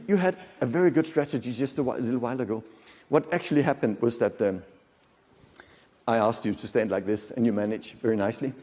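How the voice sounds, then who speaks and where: A man's voice: mid-range voice, warm tone. Man in his fifties lecturing in a reverberant hall. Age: 50s. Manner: conversational, joking, quizzes the audience. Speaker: conference lecturer. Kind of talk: live lecture to an audience. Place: large conference hall.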